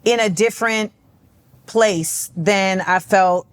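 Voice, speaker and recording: A woman's voice: mid-range voice, slow, smooth. A woman from Florida, an interview guest, talking directly and bluntly in a casual chat. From Orlando, Florida, US.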